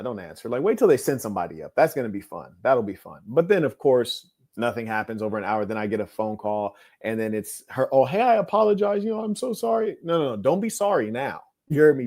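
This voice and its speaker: A man's voice: mid-range voice, big pitch swings, fast, few pauses, a little mellow. A man talking in a blunt, dismissive monologue full of slang, often asking "you hear me?". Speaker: host. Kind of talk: casual monologue.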